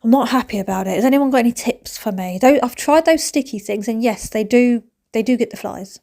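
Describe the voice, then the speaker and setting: A woman's voice: a little high, brisk, vocal fry, dark tone. A woman, chatting animatedly in a home cleaning vlog, dropping to whispers and rising to squeals. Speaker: vlogger. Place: family home.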